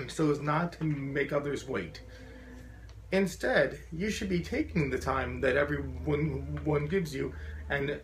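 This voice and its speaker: A man's voice: fairly high pitch, a little hiss or hum. A man with a profound stutter giving an earnest, encouraging talk to a support group, often repeating sounds and blocking on words.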